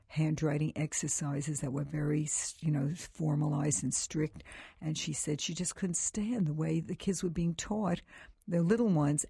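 A woman's voice: low voice, gravelly, breathy edge, dry recording, studio quality. An older woman educator speaking as a radio guest, telling stories with animation and frequent laughs. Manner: animated storyteller, laughs often. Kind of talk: call-in radio chat.

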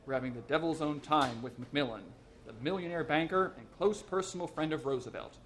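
A man's voice: on the high side, fairly quick, a bit bright, a little hiss or hum, close to an everyday voice. A haggard surgeon speaks in a weary, worried voice, as a male reader acts him out. He sounds strained and out of his depth. It fits a storybook reading.

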